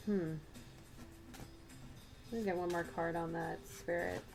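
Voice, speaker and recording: A woman's voice: lowish voice, steady tone, measured pace, gravelly, pauses often. A woman giving a channeled tarot reading, musing aloud and speaking straight to the listener, her voice a little worn. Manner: musing, addresses the listener directly. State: slightly losing her voice. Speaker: tarot reader. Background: background music.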